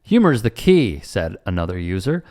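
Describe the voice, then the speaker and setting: A man's voice: low-pitched, sing-song, brisk, a little mellow. A man hosting online news commentary, emphatic and sarcastic, with an indignant edge. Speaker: commentary host.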